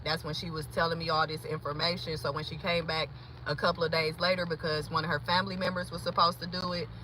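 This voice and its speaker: A woman with a fairly low voice chats casually while driving and vlogging from her car, rambling along in a valley-girl lilt. The recording is low quality, with loud traffic and road noise from inside the car.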